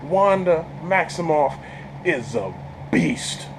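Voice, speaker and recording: A man rambles through a film review with a fairly high voice, full of slang and quick laughs. He trips over repeated words as his excitement builds. A faint air-conditioning hum sits underneath. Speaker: channel host reviewing a film. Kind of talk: casual spoiler movie review.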